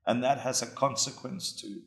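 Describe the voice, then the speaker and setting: A man's voice: medium pitch, steady tone, normal speed. A man giving an informal dharma talk, conversational and self-mocking, often asking his listeners questions. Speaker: dharma teacher. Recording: echoey room.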